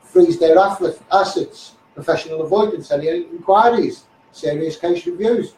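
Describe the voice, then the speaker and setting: A man's voice: high voice, normal speed, darkish tone, roomy sound, far from the mic, slight background noise, low-quality recording. A middle-aged man with a Liverpool accent, ranting bluntly at officials on a live stream and swearing as he goes. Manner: blunt, combative, swearing, addressing officials directly. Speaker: social media campaigner. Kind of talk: angry Facebook Live rant.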